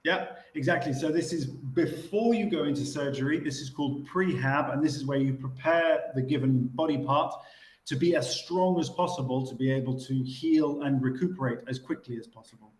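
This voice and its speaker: A man with a somewhat high voice explains fitness training on a radio talk show. He is patient and repeats words as he thinks. His voice rings with a roomy echo. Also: moderate pace.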